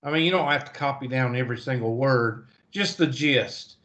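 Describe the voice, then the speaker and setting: A man's voice: medium pitch, normal speed, a bit bright. A man with a Southern US accent teaching a math class over a video call, chatty and thinking aloud as he goes. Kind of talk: online class lecture. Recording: muffled video call audio.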